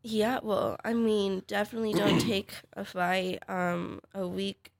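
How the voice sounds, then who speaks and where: A woman's voice: medium pitch, little pitch movement, measured pace, gravelly, dry recording, clean studio sound. A woman, a fighter guest, chatting casually and hesitantly, with many fillers and restarts. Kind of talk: casual podcast chat.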